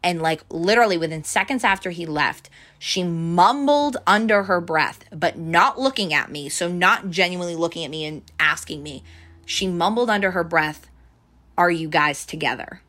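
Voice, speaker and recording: Woman telling a story with a bright, tense edge. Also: on the low side, normal speed. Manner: animated storyteller, fills with "like", acts out quotes. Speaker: bank teller telling a story. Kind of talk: casual chat.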